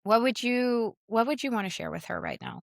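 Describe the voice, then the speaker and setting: A woman's voice: a little high, animated, a little fast, gravelly, dry recording, clean studio sound. A woman hosting a podcast, empathetic and affirming in a candid, heartfelt conversation. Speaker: podcast host.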